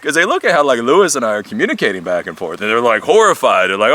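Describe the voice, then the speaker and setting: A man's voice: mid-range voice, very animated, quick pace, bright, forceful tone. A man hosting his own channel, rambling casually and animatedly outdoors, swearing and laughing now and then. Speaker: tech YouTuber. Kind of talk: casual monologue vlog.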